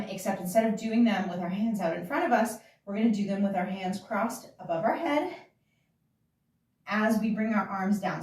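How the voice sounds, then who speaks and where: Woman, dance teacher, counting beats, giggly, mid-pitched voice, distant from mic. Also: a little mellow. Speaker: dance instructor. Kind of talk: casual dance class instruction. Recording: echoey room, voice from off-mic.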